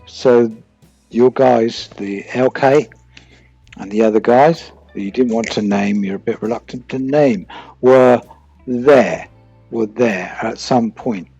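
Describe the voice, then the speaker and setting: A man's voice: mid-range voice, slow pace, creaky, dark tone, slightly rough, no room sound, dull audio, faint music behind. A man doing a casual true crime commentary, rambling and firing questions at people who are not there. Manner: rambling, asks questions aloud to absent people.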